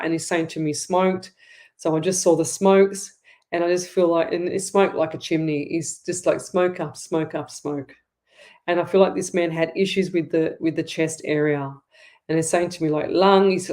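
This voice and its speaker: A woman's voice: lowish voice, darkish tone. A middle-aged Australian woman hosting a live psychic reading, chatty and rambling, often repeating herself. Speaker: psychic medium host.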